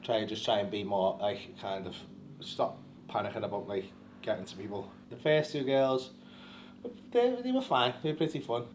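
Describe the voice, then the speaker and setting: Here a comedian's fairly low, lively male voice comes through in casual backstage chat after his set. He's blunt, swears constantly, and fires off fast banter, recorded in an echoey room with a little background noise.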